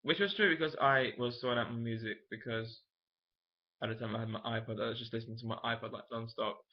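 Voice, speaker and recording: A man's voice: mid-range voice, fairly even intonation, quick pace. A young man, telling a personal story to camera in a frank, emotional, rambling way. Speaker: vlogger. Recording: dull lo-fi camera audio.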